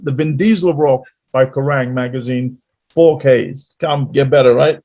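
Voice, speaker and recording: A man telling stories as a guest musician in a casual interview, animated and rambling. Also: mid-range voice, normal speed.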